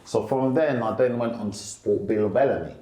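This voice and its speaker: A middle-aged male stand-up comedian, telling animated stories in a casual interview. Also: brisk, echoey room, crowd noise. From England. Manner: animated, lively storyteller who jumps up in pitch for quotes.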